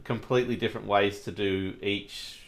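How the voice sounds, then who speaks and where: A man's voice: lowish voice, steady tone, moderate pace, vocal fry. A man hosting a casual gaming podcast and steering the talk between topics. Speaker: podcast host. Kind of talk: casual panel chat.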